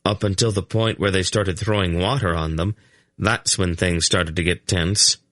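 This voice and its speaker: A man's voice: sits low, steady tone, moderate pace, a bit bright, no room sound, clean studio sound. A man doing an earnest young battle leader. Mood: relieved.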